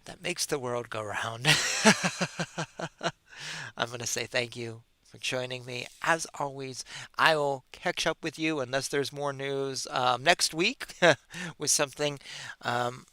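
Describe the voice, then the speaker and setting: Solo podcast host, male, bright and smooth voice, sarcastic and fed up. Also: mid-range voice, takes it slowly, no room sound. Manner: sarcastic, exasperated, mocking. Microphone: webcam or computer mic.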